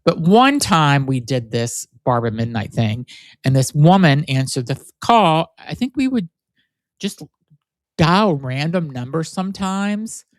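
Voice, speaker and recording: A man's voice: a little high, very animated, measured pace, dry recording. A man from Florida hosting a podcast alone, talking casually in a rambling, candid way, often correcting himself and swearing. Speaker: podcast host. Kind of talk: casual solo podcast monologue.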